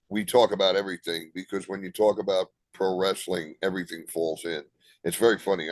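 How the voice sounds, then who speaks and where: An older man with a New Jersey accent tells jokes and stories, landing punchlines in a casual interview. His voice sits on the low side. The sound is close and dry, with no room in it. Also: no room sound. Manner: joking, tells anecdotes with punchlines. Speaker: guest comedian.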